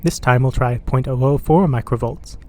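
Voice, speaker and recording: A man's voice: medium pitch, normal speed, warm tone, natural voice, poor audio. A man playing an obsessed, hot-tempered older professor who talks down with scorn. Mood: determined. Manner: scornful, driven.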